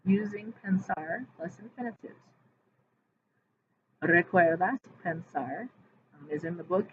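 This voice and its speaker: A woman's voice: lowish voice, narrow, tinny audio. Lady teacher reading slides, spells words out letter by letter, sounds like it's over a phone, faint hiss. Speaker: Spanish teacher. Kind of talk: reading lesson slides aloud.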